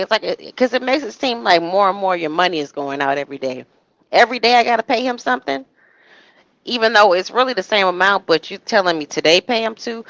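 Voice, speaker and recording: Woman, casual commentary, animated storytelling, mid pitch, dry close sound. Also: vocal fry, no room sound, poor audio. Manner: animated, acts out quoted voices, frequent restarts.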